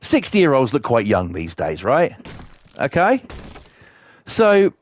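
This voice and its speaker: Speaking slowly at a medium pitch with huge swings in tone, a man from Norfolk, England chats casually while streaming a game. He swears freely and tells rambling stories in his Norfolk accent.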